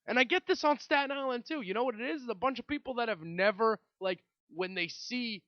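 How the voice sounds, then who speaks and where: A man's voice: very high-pitched, brisk, no room sound, dull audio. A young man from Brooklyn, hosting a solo podcast in a rambling, swearing rant full of restarts. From Brooklyn, New York. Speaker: podcast host. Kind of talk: casual solo podcast monologue.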